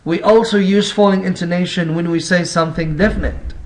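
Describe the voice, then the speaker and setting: A male English teacher with as his gives a recorded lesson. He explains slowly, rephrases his points and asks the class rhetorical questions. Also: high voice, steady tone.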